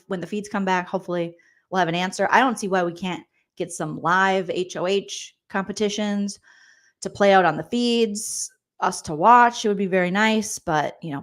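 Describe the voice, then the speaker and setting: A woman in her forties hosting a casual comedic recap of a reality show, reading viewer comments and making quick, joking asides. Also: medium pitch. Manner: chatty, jokey, quick asides and mock voices.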